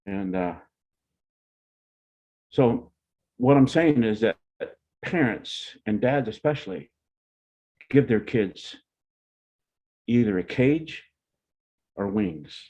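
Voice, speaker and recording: A man's voice: fairly low pitch, animated, slow, long pauses, dark tone. An older man, a family elder, telling meandering personal stories to his relatives. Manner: rambling, meandering anecdotes. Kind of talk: storytelling to family. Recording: dull lo-fi sound.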